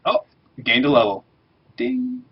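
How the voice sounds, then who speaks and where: A man's voice: medium pitch, normal speed, dull audio, background noise. A man hosting a game livestream, chatting casually and joking while he plays and reads quest text aloud. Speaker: livestream host playing a game. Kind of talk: casual chat over gameplay.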